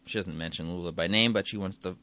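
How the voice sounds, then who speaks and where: A man with a low voice, a quick pace and a sharp tone hosts his own podcast in a casual solo chat. He rambles, chuckles often and keeps restarting his sentences.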